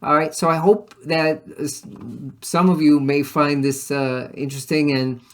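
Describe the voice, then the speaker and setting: A man teaching music, explaining rhythms in a casual, unscripted way, restarting his sentences and softly voicing rhythm syllables. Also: on the high side, flat delivery, normal speed.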